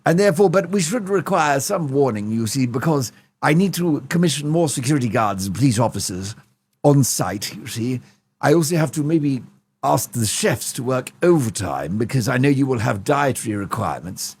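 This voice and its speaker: A man's voice: mid-range voice, lively intonation, darkish tone, breathy edge. A man putting on an impression of a plummy, pompous older king who rambles and keeps trailing off with "you see". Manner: pompous, ends phrases with a drawn-out "you see".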